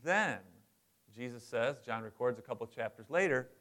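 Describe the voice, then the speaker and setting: Middle-aged male pastor, casual sermon delivery, mid-pitched, checks in with listeners. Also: lively intonation, moderate pace, a bit bright. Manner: conversational, asks the congregation for responses.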